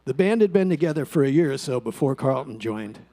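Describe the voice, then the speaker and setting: Bandmate at a memorial, warm low tone, steady read, dry close sound. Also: male voice, fairly quick, no room sound. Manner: steady, reflective, dry humor. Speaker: eulogy speaker, former bandmate. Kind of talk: prepared memorial speech.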